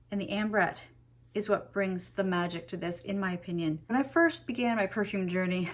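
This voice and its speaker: A young woman talking to the camera in a casual perfume review, gushing and emotional about the scents she loves. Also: mid-range voice.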